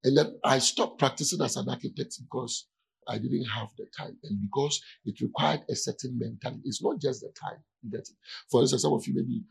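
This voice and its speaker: Gravelly-voiced pastor. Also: male voice, medium pitch, fairly quick, rough recording. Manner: keeps checking in with listeners. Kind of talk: conversational sermon.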